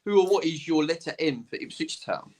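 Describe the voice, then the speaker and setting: Male host, slightly higher voice, short friendly cues. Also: lively intonation, fairly quick, a little mellow. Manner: friendly, brief prompts to guests. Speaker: podcast host. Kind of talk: casual podcast hosting.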